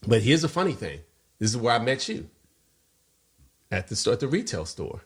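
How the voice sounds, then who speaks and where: A man in casual podcast chat with his wife, spinning a personal story with lively energy. He slips into the voices of the people he quotes, his pitch moving between middle and higher, and his tone stays conversational throughout. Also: normal speed. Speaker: podcast co-host.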